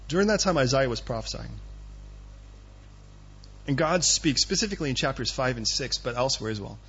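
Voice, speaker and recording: A man's voice: medium pitch, animated, brisk, a bit bright, breathy edge, highs cut off. A male pastor preaching a sermon in a conversational, punchy way, quizzing his listeners.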